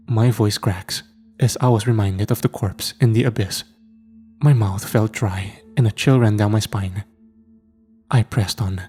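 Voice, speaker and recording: A man calmly narrating a horror story in a measured, scripted way. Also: on the low side, slightly rough, faint music behind.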